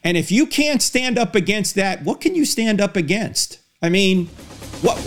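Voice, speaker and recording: A man hosting a talk show, asking emphatic rhetorical questions with sharp rises when indignant. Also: sits high, lively intonation, measured pace, music in the background. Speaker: host.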